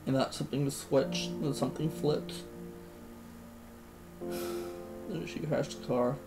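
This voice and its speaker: A man's voice: medium pitch, fairly even intonation, slow, loud music behind the voice, rough recording. A man reacting emotionally to a visual novel while playing, teary-eyed, swearing and repeating himself as he fights back tears. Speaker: game streamer. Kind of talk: emotional let's-play reaction.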